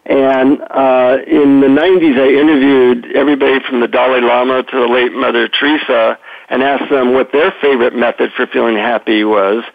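A man's voice: medium pitch, normal speed, creaky, no room sound. A middle-aged man, a psychotherapist and author, telling stories as a guest on a phone-in radio interview. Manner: animated storyteller, chatty with fillers. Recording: tinny phone line.

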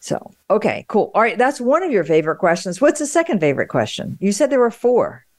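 A woman hosting a podcast interview, upbeat and conversational with quick reactions. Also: mid-range voice, big pitch swings, no room sound, clean studio sound. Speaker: podcast host. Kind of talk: casual interview.

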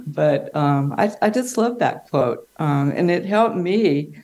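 A woman guest on a video-call talk show, speaking slowly and laughing often. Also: low voice, expressive, a little mellow. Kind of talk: casual interview talk.

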